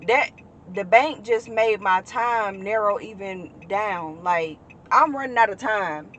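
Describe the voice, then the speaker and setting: A woman's voice: medium pitch, fairly bright tone, highs cut off. Chatty young woman vlogging with road noise. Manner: chatty, venting and cursing at slow traffic. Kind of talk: casual vlog chat. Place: in a car, then at home.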